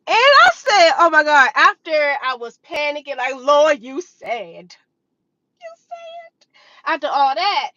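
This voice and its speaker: A vlogger in her twenties dramatizes her stock-trading experience for viewers, casually reenacting how she reacted. Her voice sits high with a fairly bright tone, and the recording is slightly dull and dry, with no echo.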